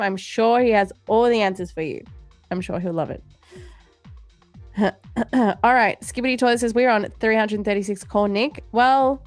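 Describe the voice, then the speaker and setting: A woman hosts a livestream and chats easily, reading viewer comments aloud with a playful, teasing edge and frequent laughter. Her pitch sits in the middle of the usual range, and soft music plays faintly behind her. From Australia. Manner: playful and jokey, laughs often. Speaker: livestream host.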